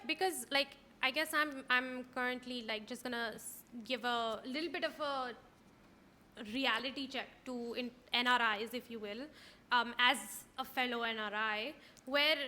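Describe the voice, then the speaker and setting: A young woman co-hosting a podcast, chatting casually with plenty of "like" and quick agreement. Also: sits high, sharp tone. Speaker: podcast co-host.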